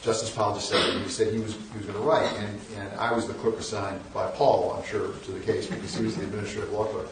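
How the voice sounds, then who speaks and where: Guest lecturing in a large hall, a northern U.S. man in his sixties tells wry anecdotes at his own expense, often restarting his sentences. He speaks quickly and in a level tone with a lowish voice, hardly pausing at all. The audio picks up background noise and hall echo from a distant mic.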